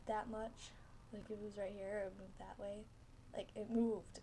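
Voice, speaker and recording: A woman's voice: a little high, slow, dark tone, slight background noise. A teenage girl telling a story casually, rambling with many fillers and frequent giggles.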